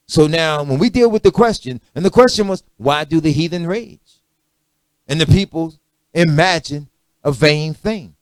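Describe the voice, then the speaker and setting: A man preaching a sermon, swinging from quiet conversational asides to loud, emphatic declarations and checking that listeners follow. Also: on the high side, no room sound.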